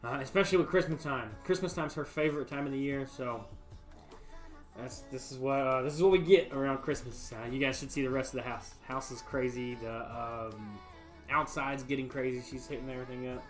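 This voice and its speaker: A medium-pitched man talks fairly quickly as he casually chats to his livestream audience, faint music playing in the background. Rambling and folksy, he's laid-back and uses frequent fillers, broadcasting from a home bar room with foam on the walls.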